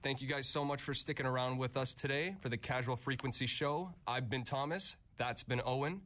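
A man hosting a campus radio talk show with a relaxed, chatty manner. He swaps childhood stories with his co-host and laughs easily. His voice sits at an ordinary middle pitch. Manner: laid-back, chatty, quick to laugh. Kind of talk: casual chat.

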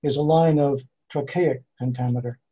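A man, a poet being interviewed, explaining his verse forms in a measured, careful way. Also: mid-range voice, fairly even intonation, warm tone, husky. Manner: measured, explanatory, slows down to spell out meter. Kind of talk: thoughtful interview answers. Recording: dull lo-fi sound.

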